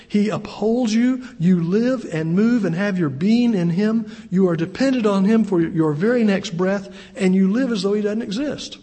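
High husky-voiced man preaching. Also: dark tone. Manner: earnest, repeats words, acts out quoted voices. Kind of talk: sermon. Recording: long reverb.

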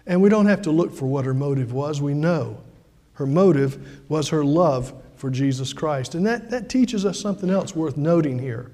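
A man's voice: fairly high pitch, moderate pace, warm tone, big-room sound. A man preaching a sermon as pastor, talking conversationally with frequent fillers and restarts.

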